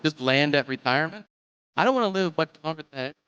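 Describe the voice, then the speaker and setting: A man's voice: fairly high pitch, lively intonation, fast talker, bright, forceful tone, clean tone. A man doing a stand-up comedy monologue in a musing, profane way on a club stage. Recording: dull lo-fi live recording.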